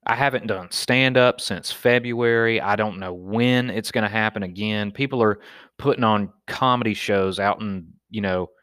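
A Southern man with a low, smooth voice tells stories in a loose, cussing monologue. The sound is close and dry, with no room around him. He talks like a stand-up comic chatting on his own podcast. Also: normal speed, no echo. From Alabama. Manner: profane, animated storyteller. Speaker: podcast host, stand-up comedian. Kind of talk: casual storytelling monologue.

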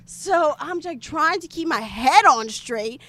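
A young American woman telling a story in casual, animated chat, with lots of filler words and sudden loud outbursts. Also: high voice, slow. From United States. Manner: animated, chatty, filler-heavy, bursts into shouting.

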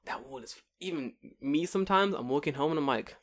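A man chatting casually on a podcast, swearing freely and telling animated stories in which he acts out what people said. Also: fairly high pitch, fairly quick, few pauses. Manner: swearing, animated storytelling with put-on quotes. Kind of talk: casual chat.

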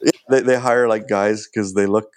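A man in middle age tells a long personal story in a relaxed, rambling way. His voice sits fairly low, with lots of "like" and false starts, and he acts out what others said in a raised, lively voice. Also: normal speed, clear, resonant tone. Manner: acts out quoted dialogue in a raised voice; rambling, full of "like" and restarts. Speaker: podcast guest. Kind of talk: casual storytelling.

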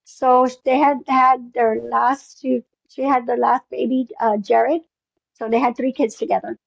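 A woman's voice: fairly high pitch, little pitch movement, unhurried, vocal fry, no echo, dull audio. A woman telling a long personal story in an interview, rambling with many fillers and acting out bits of dialogue. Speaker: interview guest.

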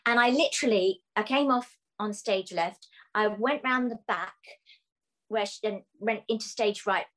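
A middle-aged British woman, a musical theatre actress, telling animated stories and laughing often as a guest. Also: mid-range voice, normal speed, rough recording. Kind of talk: casual anecdotal chat.

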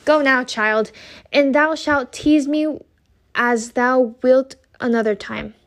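A woman reading a classic novel voices a tired, protective mother. She speaks low and hushed, with an edge of impatience, in a fairly high voice. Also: slow pace. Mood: weary. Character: weary, protective mother, Hester.

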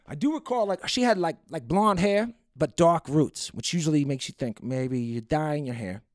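A man's voice: a little high, no room sound, studio quality. Rambling, profane male storyteller. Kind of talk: casual anecdote monologue.

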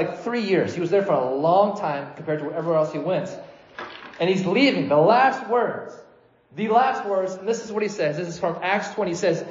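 A man preaching a sermon in a conversational way, getting animated when he quotes people and often restarting his sentences. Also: high voice. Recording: echoey room, slightly dull sound.

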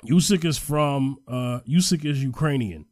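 Man, casual co-host, medium pitch, dry booth sound; swings from excited to muttering. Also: unhurried, no room sound. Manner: animated, voice jumps up when excited, trails off quietly when looking things up. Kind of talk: casual chat.

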